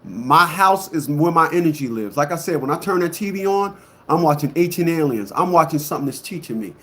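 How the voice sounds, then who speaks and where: A man's voice: animated, fairly quick. Blunt, emphatic man ranting. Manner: swings between loud outbursts and low muttering. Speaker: online commentator. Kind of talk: ranting monologue to a live audience.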